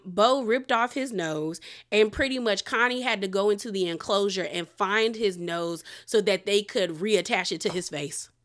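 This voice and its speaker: Woman talking fast and loose, mid pitch, laughs and exclaims a lot. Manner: chatty, animated, exclaims and laughs. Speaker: show reviewer. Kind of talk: casual recap.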